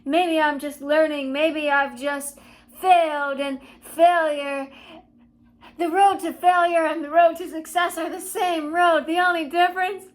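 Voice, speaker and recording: A young woman with a high, light voice speaks to camera in a confessional vlog. She sits at home and muses in a dreamy, soul-searching way, drifting from hushed asides to bright, excited bursts. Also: slow. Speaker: vlogger. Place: at home, seated.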